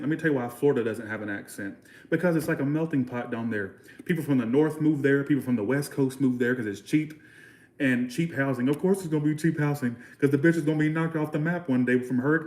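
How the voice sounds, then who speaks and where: A man's voice: medium pitch, fast talker, a little mellow, echoey room. A man from Georgia with a Southern US accent, rambling bluntly in a casual livestream chat with viewers. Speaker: channel host.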